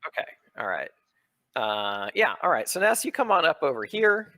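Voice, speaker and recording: A man runs a tabletop game, narrating casually and chatting with his players. His pitch moves a lot. The recording is dry and close. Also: sing-song, normal speed, pushed and bright, no echo. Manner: casual, chatty, lots of fillers. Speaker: game master.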